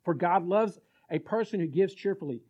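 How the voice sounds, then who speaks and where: A man preaching a sermon as pastor, animated, acting out little dialogues and asking his listeners if they follow. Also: high voice, moderate pace, slightly rough, highs cut off. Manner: animated, acts out little dialogues, asks the crowd.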